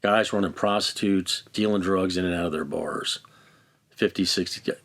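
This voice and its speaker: A man's voice: low voice, fairly even intonation, moderate pace, a bit bright. A middle-aged man bluntly recounting his own past in a candid interview, swearing freely and acting out the arguments he describes. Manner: blunt, heavily profane, acts out quoted exchanges. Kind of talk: candid first-person storytelling.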